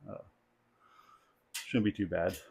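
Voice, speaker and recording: A man's voice: deep voice, takes it slowly, gravelly, noisy background. Young guy vlogging his lift in the garage, tired, kinda rambly, lots of uh and like. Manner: relaxed, rambling, many fillers. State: tired, out of breath between sets. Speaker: strength athlete vlogging his training. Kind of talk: casual training vlog. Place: home garage gym. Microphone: clip-on mic.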